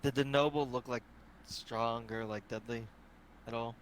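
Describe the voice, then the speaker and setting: A man's voice: medium pitch, steady tone, measured pace, a little hiss or hum. A man playing in a tabletop game, asking questions tentatively and rephrasing as he goes. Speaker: player.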